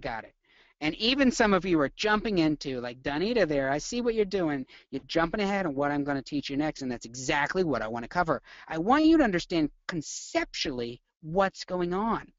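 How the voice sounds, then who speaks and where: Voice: medium pitch, dry recording, highs cut off. A nursing lecturer giving a live webinar, full of energy, quizzing the viewers and acting out symptoms.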